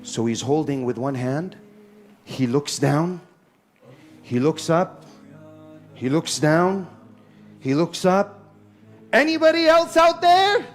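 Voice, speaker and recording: A man preaching a lively sermon to a live audience in a hall, mixing Arabic phrases into his English. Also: fairly high pitch, slow pace, long pauses, soft background music. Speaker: Islamic preacher. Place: hall with a sound system and echo.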